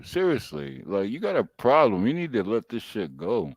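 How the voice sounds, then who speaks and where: A man's voice: on the low side, huge pitch swings, normal speed, dry recording. A man who is a guest on a live stream, answering back with dismissive, mocking retorts.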